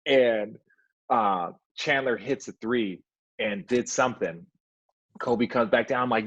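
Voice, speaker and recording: A man with a husky, slightly raspy voice banters loosely about his playing days, cursing freely and circling back on his asides. The recording sounds dull and lo-fi. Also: medium pitch, slow pace, a bit bright, no room sound. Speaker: podcast host, former pro player. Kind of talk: casual sports talk.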